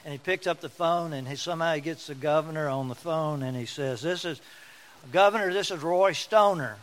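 A man's voice: a little high, steady tone, a little fast, slight background noise, rough recording. A man preaching a sermon as pastor, telling folksy stories and repeating words for emphasis.

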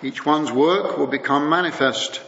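A man preaching a sermon, his voice a little higher than most men's. He speaks in a measured way and slows down for scripture. The sound is dull and muffled, with a long echo from a large hall. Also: pushed and bright. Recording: muffled recording in a big echoing hall.

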